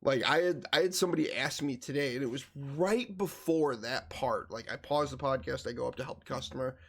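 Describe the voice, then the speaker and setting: A man's voice: mid-range voice, fairly quick, vocal fry. A man hosting a gaming podcast, telling stories in casual, profane chat. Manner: profane, animated storytelling. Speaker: podcast host.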